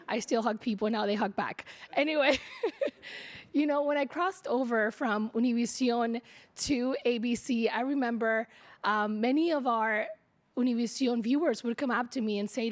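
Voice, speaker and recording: A woman with a high, bright voice speaks into a podium microphone at an awards breakfast. She is in her thirties and a Spanish speaker, and she laughs easily as she tells her story, slipping into Spanish now and then. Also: moderate pace. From Colombia. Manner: animated and laughing, mixing in Spanish. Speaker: award honoree, TV reporter. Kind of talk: acceptance speech. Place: banquet hall at an awards breakfast.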